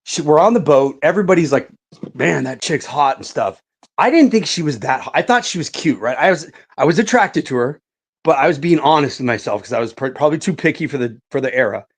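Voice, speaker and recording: A man's voice: a little high, animated, quick pace, breathy edge. A middle-aged man telling a story in casual podcast chat, swearing a lot and saying "like" and "right" often.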